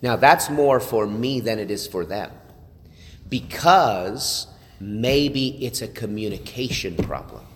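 A man's voice: fairly low pitch, animated, takes it slowly, long reverb tail. A man telling a church group an earnest personal testimony, with frequent restarts and asides of "right?". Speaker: church leader sharing testimony.

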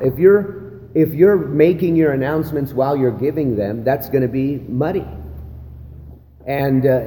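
A male pastor training other pastors gives a chatty church-leadership lesson in a warm, low-key way, repeatedly saying "right?" and "again." The recording has long hall reverb, slight room hiss, and faint ambient noise.

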